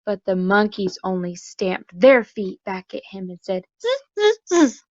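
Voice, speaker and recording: A woman preschool teacher reading a storybook aloud to young children, slow and expressive, then asking soft, gentle questions. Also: medium pitch, no room sound, muffled recording.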